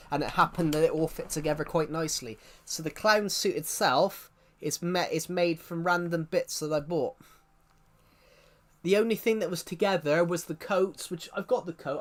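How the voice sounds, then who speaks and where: A man's voice: a little high, fairly bright tone. Male streamer, casual chat, rambling, talks in fits and starts. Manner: rambling, restarts sentences often. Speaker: livestreamer.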